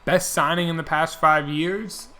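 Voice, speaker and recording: A young man streams a game and chats as he plays. His voice is bright and clear, and he talks in a loose, rambling way, with many fillers and restarts. He stays casual throughout. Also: on the high side, steady tone, unhurried. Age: young adult. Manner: rambling, filler-heavy, chatty. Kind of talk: casual commentary while gaming.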